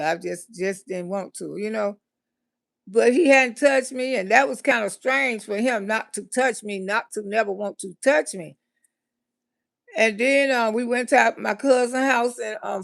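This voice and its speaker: A middle-aged woman telling a comic personal story on a livestream, animated, laughing often and bursting into loud exclamations. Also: on the high side, vocal fry. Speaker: comedian storyteller.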